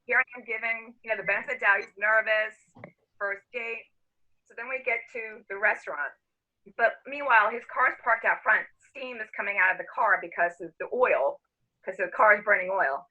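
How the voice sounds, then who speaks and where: A middle-aged woman telling a story casually among friends, animated, laughing and acting out the quotes. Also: medium pitch, a little fast, lo-fi sound.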